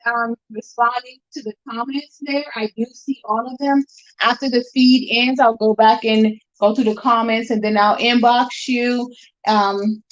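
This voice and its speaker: A woman selling her handmade bracelets on a live stream, chatty and upbeat as she talks straight to her viewers from home. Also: a little high. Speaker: jewelry seller on a live stream. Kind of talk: casual live sales chat. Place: room at home. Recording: dull lo-fi stream audio.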